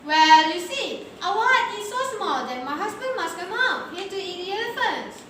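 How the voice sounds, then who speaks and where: A teenage girl playing a sly, teasing giant's wife in a school readers' theater, with a sweet drawn-out delivery. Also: very high-pitched, lively intonation, fairly bright tone. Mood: calm. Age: teens. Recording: echoey room, far from the mic, background noise.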